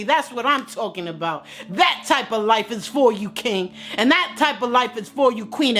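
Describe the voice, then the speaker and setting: A woman with a fairly high voice preaches an energetic, faith-filled pep talk to her live-stream viewers. She is winded and sweaty from working out, and she keeps building into excited outbursts. Faint music plays underneath. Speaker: motivational live-stream host.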